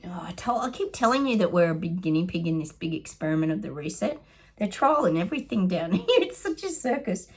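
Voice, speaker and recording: A woman's voice: fairly low pitch, big pitch swings, fairly quick, husky. Chatty Australian woman psychic. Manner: chatty, sarcastic, laughs often. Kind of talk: casual predictions vlog.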